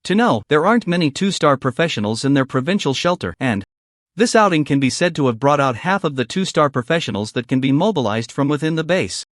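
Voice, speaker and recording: A man reading a scripted story recap in a steady narrating voice. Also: a little high, a little fast, no echo, studio quality.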